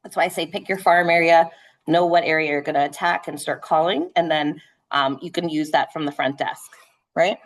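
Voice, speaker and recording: A woman with a slightly low voice runs a real estate sales training. She talks fast and with animation, punctuating points with quick "right?" checks to the room. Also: steady tone. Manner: conversational, frequent "right?" checks. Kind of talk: live sales training session.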